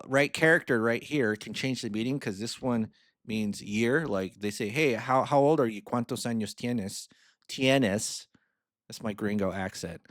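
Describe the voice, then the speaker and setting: A man walks through a screen-share finance lesson in a loose, chatty way, slipping in playful asides and chuckles. His voice sits at an ordinary middle pitch. The sound is dry and close, with no room around it. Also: no room sound. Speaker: financial mentor.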